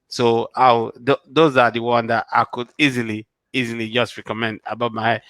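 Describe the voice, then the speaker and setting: A man's voice: medium pitch, level tone, normal speed, a bit bright, no room sound. A man from Nigeria with a Nigerian accent, a show guest answering questions earnestly and often restarting his sentences. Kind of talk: casual interview answers.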